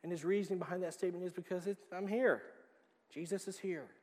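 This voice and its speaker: A man preaching a sermon as pastor, emphatic, swinging from quiet, low passages to loud, pressing ones. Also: fairly even intonation, quick pace. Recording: long reverb of a hall.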